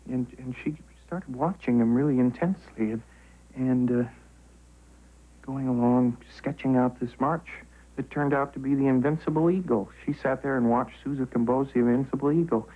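A man telling a story in an interview, halting and often repeating words. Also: mid-range voice, breathy edge, narrow, tinny audio.

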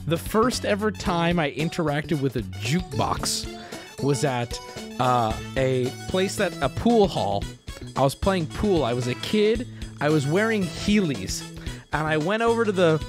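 Lively joking male streamer. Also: fairly high pitch. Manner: joking, riffing on clips with loud outbursts. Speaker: streamer host. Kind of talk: casual stream commentary.

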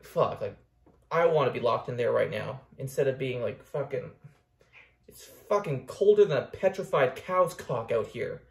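Tired young canadian man, profane rambling vlog, lively swings in pitch, echoey room. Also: gravelly. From Ontario, Canada. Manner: profane, rambling, swings between outbursts and mumbling. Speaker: vlogger.

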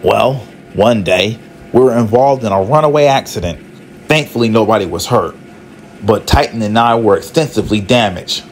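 A man's voice: on the low side, normal speed, slight background noise, natural voice. A man voicing a sullen, resentful male train engine who grunts and grumbles. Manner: gruff, grumbling.

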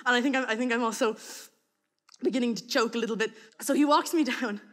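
Irish woman, comic storyteller, animated, acts out voices, slightly high voice, reverberant hall. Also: fairly quick. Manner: lively, acts out voices, breaks into laughter. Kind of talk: comic personal storytelling to an audience.

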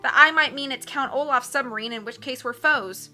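A resourceful teenage girl inventor, earnest and urgent, as a woman reads her lines. Her voice is high and very bright, with soft music behind. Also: a little fast.

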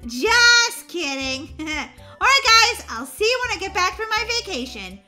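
A woman's voice: high-pitched, sing-song, takes it slowly, over loud music, exaggerated voice. Woman doing a squealing, bubbly girl. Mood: frantic. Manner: squealing, giggly, breathless exclamations. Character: bubbly, excitable young girl on vacation. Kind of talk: roleplay voiceover for a block-game video.

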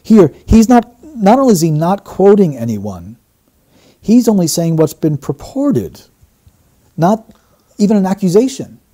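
A man working as a statement analyst, giving measured, explanatory commentary and repeating key phrases as he breaks down an interview. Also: sits high, sing-song, warm tone.

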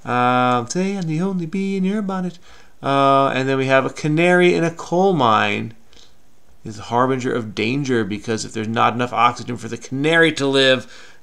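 In a crossword-solving video, the male host offers casual commentary, frenetic in his talk and muttering as he searches. He speaks at a moderate pace in a medium-pitched, slightly bright voice with vocal fry.

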